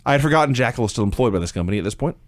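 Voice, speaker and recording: A man co-hosting a podcast, recapping old wrestling shows in a matter-of-fact way with dry jokes along the way. His voice sits at an ordinary middle pitch, recorded close and dry. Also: expressive, very fast, no room sound. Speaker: podcast co-host. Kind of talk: casual chat recapping wrestling.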